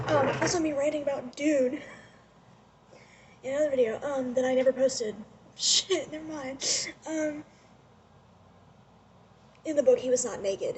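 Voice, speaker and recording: Young woman gushing about a show, high voice, laughs a lot, phone propped up. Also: slight background noise. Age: young adult. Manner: excited, gushing, laughs often. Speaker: vlogger. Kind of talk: casual rambling rant. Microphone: phone propped on a lotion bottle.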